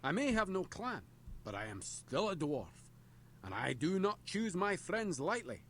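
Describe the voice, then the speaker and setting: Brief: loyal clanless dwarf, respectful, animated, faint room behind. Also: male voice, high-pitched, unhurried, slight background noise, exaggerated voice. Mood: earnest. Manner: hesitant, then steady and earnest. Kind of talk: video game voice acting.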